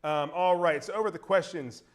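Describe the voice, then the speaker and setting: A man from Baltimore co-hosting a casual live show and reading out viewer comments in a brisk, upbeat, chatty way. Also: on the high side. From Baltimore, Maryland. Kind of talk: casual entertainment news chat.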